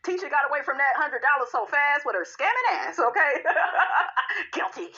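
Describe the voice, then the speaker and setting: A woman's voice: high voice, very animated, moderate pace, pushed and bright, highs cut off. A woman giving a sassy, casual recap of a reality show, tossing in "honey" and "okay" all the time.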